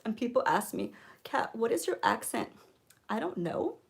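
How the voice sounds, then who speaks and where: A woman giving a mock makeup tutorial, coaxing viewers with deadpan ironic influencer patter and frequent "okay?"s. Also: on the high side, normal speed, creaky. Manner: coaxing, keeps repeating "okay?". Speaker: beauty vlogger.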